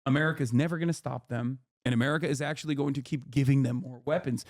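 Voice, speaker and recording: A male streamer explaining politics in a heated, animated, profane way. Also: mid-range voice, fast, hardly any pauses.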